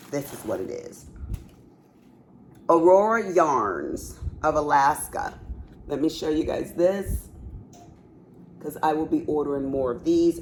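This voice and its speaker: Slow-talking woman with a cough. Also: a bass voice, darkish tone, slight background noise. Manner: chatty, exclaiming and talking to viewers. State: has a cough. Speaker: craft vlogger showing a haul. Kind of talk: casual chat.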